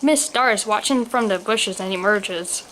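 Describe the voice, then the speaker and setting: A woman's voice: medium pitch, moderate pace, a bit bright, slight background noise. A woman narrating a funny storybook aloud, with the odd slip while reading. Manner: reads aloud, occasional slips. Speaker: story reader.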